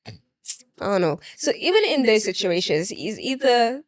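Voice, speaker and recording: Laughing, expressive young woman guest. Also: fairly high pitch, normal speed, no echo. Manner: expressive, laughs often, lively storytelling. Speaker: actress, interview guest. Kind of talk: casual interview chat.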